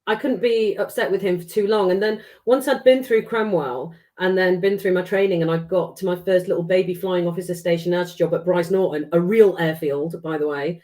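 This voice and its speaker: This middle-aged Englishwoman talks fairly quickly with hardly any pauses, her lowish voice warm and fairly even in intonation. As a podcast guest she tells casual stories, swearing freely and acting out the dialogue.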